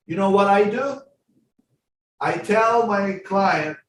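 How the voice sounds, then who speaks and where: A man hosting a podcast, explaining slowly and deliberately in a casual way, often restarting his words. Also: high voice. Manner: slow, deliberate explaining with repeated starts. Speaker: podcast host. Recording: echoey room, voice far from the mic, faint background hum.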